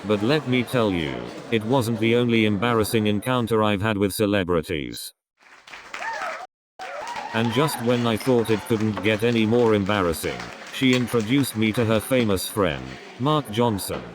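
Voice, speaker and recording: A man's voice: lowish voice, moderate pace. A man doing a stand-up comedy routine, rambling through setups and repeating his catchphrases. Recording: crowd noise behind the voice.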